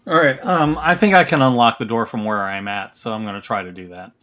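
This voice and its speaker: A man playing a tabletop game, upbeat and quick to jump in. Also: medium pitch, a bit bright. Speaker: player. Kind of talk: casual tabletop play.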